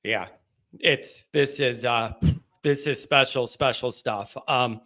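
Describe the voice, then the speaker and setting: A man's voice: medium pitch, takes it slowly, sharp tone. A man hosting a postgame call-in livestream who is overcome with emotion. He reads out viewer messages in a breathless, rambling way and keeps losing his place. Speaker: livestream host.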